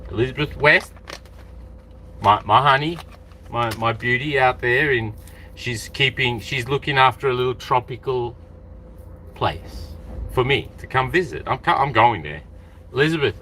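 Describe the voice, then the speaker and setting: An animated man hosting a casual live stream, rambling freely and calling out to viewers by name. His voice is bright and lively, jumping around in pitch. He sounds like he is from Australia. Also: a little hiss or hum.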